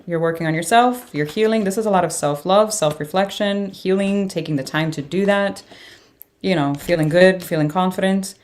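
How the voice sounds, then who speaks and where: Female tarot reader, low voice, casual, reactive. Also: normal speed, a little mellow. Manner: reacts aloud to cards with surprised exclamations and laughs.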